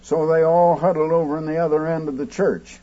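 A man preaching as he recounts a story, rambling with fillers and bursting loud when he quotes a shout. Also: on the high side, little pitch movement, brisk, muffled recording. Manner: rambling anecdotal telling with fillers. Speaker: radio preacher. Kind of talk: storytelling sermon.

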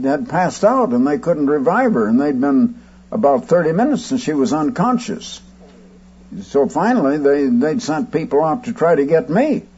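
A man preaching as he recounts a story, rambling with fillers and bursting loud when he quotes a shout. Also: fairly high pitch, slightly rough, muffled recording. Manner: rambling anecdotal telling with fillers. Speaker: radio preacher. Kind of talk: storytelling sermon.

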